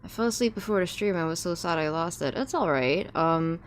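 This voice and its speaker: A woman's voice: on the low side, animated, brisk, a little hiss or hum. A woman streamer chatting casually to her viewers while playing a game, rambling with fillers and restarts. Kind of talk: casual gameplay commentary.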